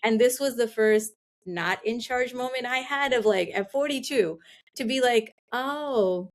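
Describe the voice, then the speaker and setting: A woman's voice: on the high side, normal speed. A middle-aged woman, a podcast guest, talking candidly and reflectively in a casual interview, often saying "like". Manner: candid, reflective, fillers of "like", acts out her own past thoughts.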